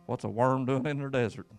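Gravelly preacher man. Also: medium pitch. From Kentucky. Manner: folksy, emphatic preaching with repeated words and call-outs. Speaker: pastor. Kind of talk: sermon.

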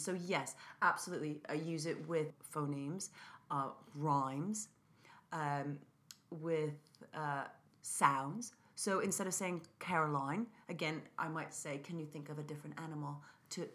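Woman, music teacher, lowish voice, animated, demonstrates chants in interview. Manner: animated, acts out chants and whispers to show quiet singing.

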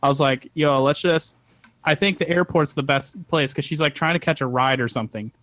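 A young man with a fairly high voice tells a long story in a loose, rambling way among friends. He swears freely and acts out the lines of the people in it. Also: fairly quick, a bit bright, no room sound, poor audio. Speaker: podcast co-host telling a story. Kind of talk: casual storytelling chat.

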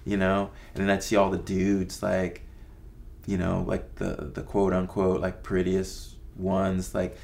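Low gravelly man telling stories. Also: monotone, a little slow, a little mellow. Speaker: guest. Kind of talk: casual storytelling interview.

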